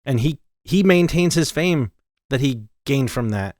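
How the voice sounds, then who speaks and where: Measured man podcast co-host. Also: medium pitch, expressive, darkish tone, no room sound, studio quality. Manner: measured, searching, many fillers. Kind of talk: casual podcast chat.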